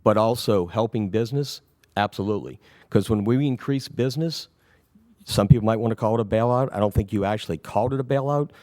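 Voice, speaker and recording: A man who is recovering from an illness, answering questions at a city council meeting in a rambling, reassuring way that often trails off quietly. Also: on the low side, fairly quick, dry recording, studio quality. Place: council chamber.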